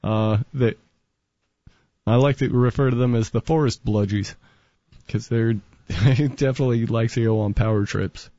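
A man of middle pitch talks in a relaxed, wry way during a casual chat, often with a short laugh. His voice comes across dry and slightly muffled. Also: moderate pace, no echo. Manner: easygoing, wry, laughs between remarks. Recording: dull, muffled sound.

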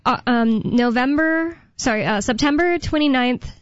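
A woman's voice: sits high, moderate pace, no room sound, dull audio. A woman co-hosting a casual talk radio show, explaining things hesitantly with many fillers. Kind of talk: casual call-in radio chat.

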